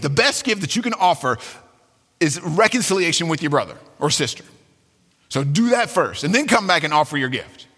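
A pastor delivers a sermon with animated energy, his fairly high, bright voice leaping up and down as he acts out quotes. The sound rings with a long hall reverb behind him. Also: slightly rough. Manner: animated, dramatic, with acted-out quotes and sudden pitch swings.

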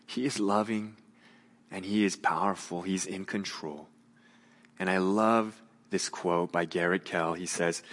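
A man's voice: lowish voice, big-room sound. Earnest male pastor preaching. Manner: earnest, swinging from raised emphasis to hushed, soft appeals. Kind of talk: sermon.

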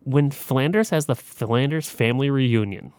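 A man co-hosting a podcast, calmly pointing out small details of a cartoon episode. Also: medium pitch, moderate pace, clean tone, no echo, clean studio sound. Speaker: podcast co-host. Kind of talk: casual chat.

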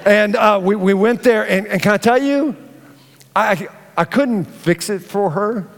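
A middle-aged man preaching a sermon, telling a family story and acting out the dialogue in an animated way. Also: high-pitched, unhurried. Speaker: pastor. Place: church auditorium. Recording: long hall reverb.

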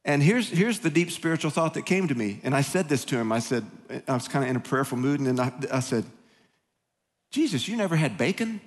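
A man's voice: medium pitch, fast, few pauses. A male pastor preaching a sermon in a conversational, joking way, speeding up in bursts and restarting his sentences. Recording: long hall reverb.

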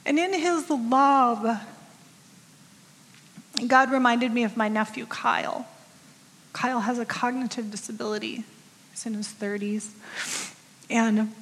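A woman in her fifties gives a conversational sermon, her fairly high voice carrying the long reverb of a large church hall. She tells stories about herself with candid, self-deprecating humor. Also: normal speed, pauses often. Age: 50s. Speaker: women's ministry speaker.

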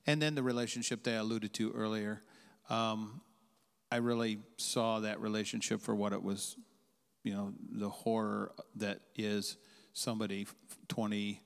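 Male guest, reflective testimony, flat delivery, reverberant hall. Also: lowish voice, creaky, clear, resonant tone. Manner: halting, candid, reflective. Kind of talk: personal testimony.

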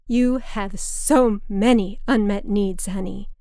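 A woman's voice: mid-range voice, fairly even intonation, slow pace, vocal fry, mellow, dry recording, clean studio sound. A woman voicing her drunk, dramatic, manipulative mother, speaking in a theatrical, intense, slightly slurred way.

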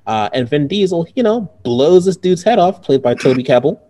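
A man's voice: fairly high pitch, lively intonation, moderate pace, warm tone. A man casually reviewing movies as a podcast co-host, rambling and laughing often.

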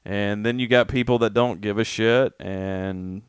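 A man in loose, profane conversation, venting with exasperated rants. His voice is smooth and resonant, recorded close and dry with no room sound. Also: on the low side, steady tone, unhurried, no room sound. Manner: heavy swearing, ranting, exasperated. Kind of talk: casual profane chat. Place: New York.

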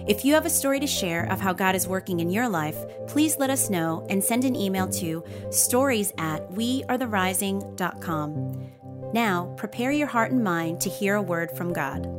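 A woman announcer reading a calm, measured scripted introduction. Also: mid-range voice. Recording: music behind the voice.

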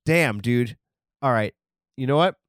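A man's voice: medium pitch, lively intonation, slow, a bit bright, no echo, studio quality. A man hosting a comedy podcast, riffing crudely and rambling on news headlines. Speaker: podcast host.

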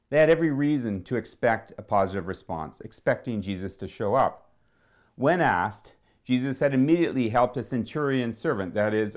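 A man preaching a sermon, retelling a story in a conversational way and acting out the quoted voices. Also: medium pitch.

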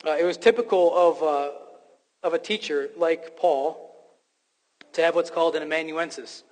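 A man's voice: fairly high pitch, moderate pace, a little mellow, long reverb tail. A man preaching a sermon, earnest and emphatic, often restarting his sentences with fillers. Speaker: pastor.

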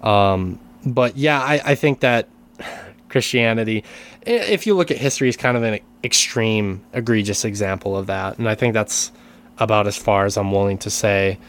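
A man's voice: lowish voice, moderate pace, a bit bright. A man co-hosting a casual podcast, talking with many restarts and careful hedging. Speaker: podcast co-host and teacher.

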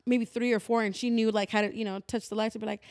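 A woman co-hosting a podcast, with a high voice and a quick, chatty delivery. She laughs along easily, and the sound is dry and close. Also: little pitch movement, darkish tone, dry recording. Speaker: podcast co-host. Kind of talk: casual chat.

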